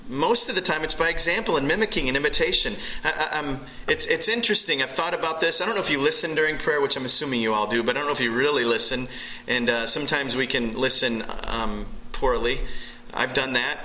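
A man preaching a sermon and leading prayer in church, earnest and pausing often as he restarts phrases. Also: medium pitch, pushed and bright, low-quality recording. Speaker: pastor. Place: church hall.

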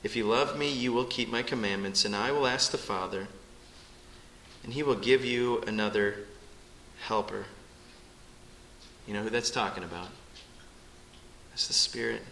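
A middle-aged male pastor preaching a sermon in a church, earnest and urgent by turns, rising to pleading then dropping soft. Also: lowish voice, unhurried, gravelly, long pauses, slight background noise. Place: church sanctuary. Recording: echoey church sanctuary with faint ambience.

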